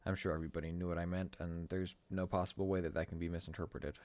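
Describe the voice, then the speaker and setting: Low-voiced man rambling through gameplay. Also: flat delivery, fast, a little mellow, dry recording. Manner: rambling, self-correcting, wry. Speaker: streamer. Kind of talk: casual gameplay commentary. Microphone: desk microphone.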